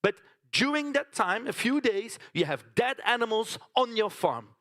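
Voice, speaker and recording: A man's voice: extremely high pitch, very animated, moderate pace, a bit bright. A man performing a theatrical storytelling monologue on a conference stage, chatting to the audience with tag questions.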